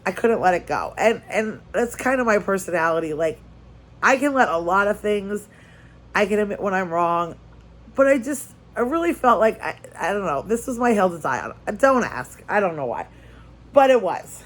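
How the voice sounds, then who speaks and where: A woman vlogger telling a story in casual chat, lively and repeating phrases for emphasis. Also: mid-range voice, normal speed. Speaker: crafting vlogger.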